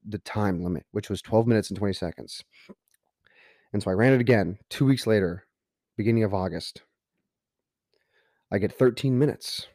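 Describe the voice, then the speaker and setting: In clean studio sound with no room echo, a podcast host with a lowish, dark-toned voice tells a personal story. He speaks earnestly, building toward emphatic motivational points.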